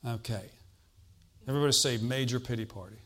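A man's voice: medium pitch, fairly quick, a bit bright. A man preaching a sermon in a conversational way. He asks the congregation questions and adds emphatic exclamations.

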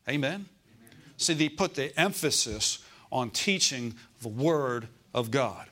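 A man's voice: medium pitch, lively intonation, moderate pace, a bit bright. A middle-aged man preaching a sermon, repeating phrases for emphasis and asking his listeners for amens.

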